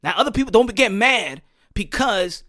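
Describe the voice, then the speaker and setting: American man, boxing commentary host, profane rant with a high pitch, repetitive and combative. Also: animated, moderate pace, sharp tone. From United States. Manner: heated, profane, repetitive, rhetorical questions. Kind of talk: ranting commentary monologue.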